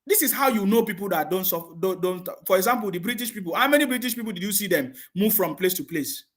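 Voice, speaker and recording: A man with a high voice rants on a live stream, answering viewer comments with open scorn. He laughs often and keeps firing questions back at his critics. His delivery is mocking and heated. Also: expressive, quick pace, a bit bright.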